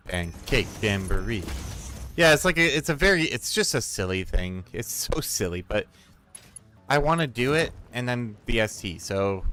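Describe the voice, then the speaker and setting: A man chatting casually and rambling while playing a game, swearing freely and getting excited. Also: medium pitch, normal speed, a little hiss or hum. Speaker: streamer and storyteller.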